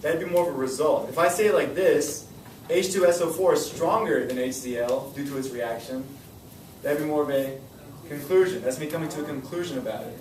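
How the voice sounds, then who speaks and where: A young male high school science teacher leading a classroom lesson, energetic and repeating his questions to the students. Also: fairly quick. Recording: echoey classroom from far off.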